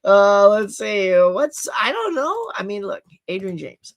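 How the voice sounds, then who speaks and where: Animated chatty man hosting a stream. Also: high-pitched, unhurried, few pauses. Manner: animated, chatty, laughs at himself. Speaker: livestream host. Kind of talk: casual livestream chat about movie releases. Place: home streaming setup. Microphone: computer with HD webcam.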